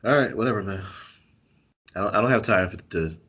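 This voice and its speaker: A man's voice: lowish voice, brisk, a bit bright, slightly rough, highs cut off. A man co-hosting a casual wrestling podcast, arguing his take with a playful laugh. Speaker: podcast co-host.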